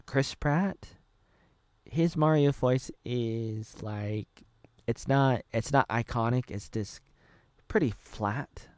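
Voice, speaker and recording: A man's voice: fairly low pitch, darkish tone, no room sound. A man in his thirties from Oregon, casually reacting to a trailer, rambling and thinking aloud with many fillers and restarts. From Oregon, USA. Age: 30s. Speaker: video creator reacting to a trailer.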